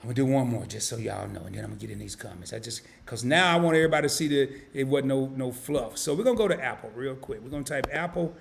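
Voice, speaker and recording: A man's voice: medium pitch, fast talker, creaky, hardly any pauses, slight background noise. A man hosting an investing live stream, casually walking viewers through calculations on screen, thinking aloud and correcting himself as he clicks. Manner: casual and folksy, talks to viewers as y'all. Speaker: investing channel host.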